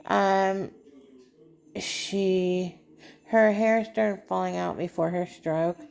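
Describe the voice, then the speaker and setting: A woman talking to her viewers in a personal vlog, halting and emotional, holding back tears. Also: on the low side, fairly even intonation, vocal fry, darkish tone. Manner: halting, emotional, trying not to cry. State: tearful. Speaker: vlogger.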